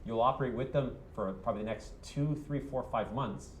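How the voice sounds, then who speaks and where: A man's voice: medium pitch, brisk, reverberant, slight background noise. A man coaching a room of real estate agents, punchy and quizzing them with "yes or no?".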